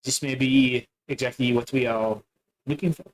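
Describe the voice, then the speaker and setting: A man voicing a weary, guarded woman in a tabletop game, who asks calm, measured questions. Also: mid-range voice, slight background noise, close to an everyday voice. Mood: calm, probing.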